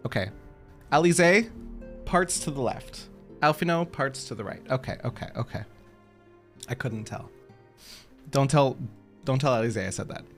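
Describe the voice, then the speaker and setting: A man's voice: mid-range voice, measured pace, pauses often, fairly bright tone, soft background music. A man streaming a game and chatting casually with his viewers, giggly and self-mocking, laughing often.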